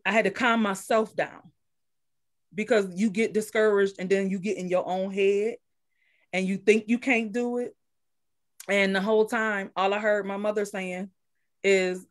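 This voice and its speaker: A woman's voice: mid-range voice, fairly even intonation, normal speed. Woman telling a story with emphatic repeats. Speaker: guest, daycare owner. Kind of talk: casual storytelling chat.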